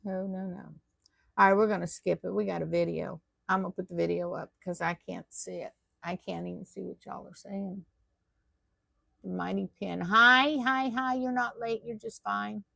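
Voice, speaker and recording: A woman leads a live online tatting lesson, chatting with her viewers and poking fun at her own slips as she works. Her voice is low and heavily gravelly. It is recorded close and dry, with no room sound. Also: flat delivery, moderate pace, no echo. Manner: chatty, self-deprecating, talks to viewers while working. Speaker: tatting teacher. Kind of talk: live online craft class.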